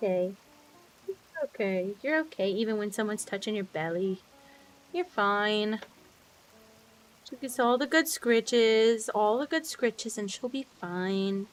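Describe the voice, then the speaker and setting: A woman's voice: medium pitch, lively intonation, takes it slowly, long pauses, poor audio. A young woman streaming a game, chatting casually, sometimes swearing and cooing baby talk at her pets. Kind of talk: casual chat while playing a game.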